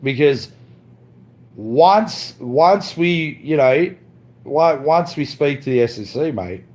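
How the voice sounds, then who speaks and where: Slow, profane man ranting on stream. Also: on the high side, lively intonation, a little mellow. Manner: profane, boastful trash talk with frequent "mate"; repetitive, stumbling restarts. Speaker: live streamer. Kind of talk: ranting live stream monologue.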